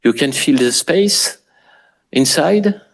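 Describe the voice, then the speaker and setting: A man with a French accent, a native French speaker, giving an architecture lecture in English with frequent pauses and restarts. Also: fairly high pitch, animated, vocal fry. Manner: halting, many fillers and restarts. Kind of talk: public lecture.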